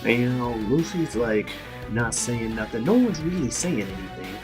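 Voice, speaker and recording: A man's voice: mid-range voice, normal speed, music in the background. Man recapping a story, casual and profane. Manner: casual, slangy, profane, animated. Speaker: recap host.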